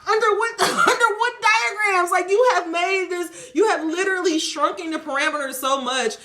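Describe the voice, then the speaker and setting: A woman voicing God as a sassy, blunt, impatient figure, loud, crude and teasing. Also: extremely high pitch, moderate pace, pitched above the performer's own voice. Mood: scolding. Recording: echoey room.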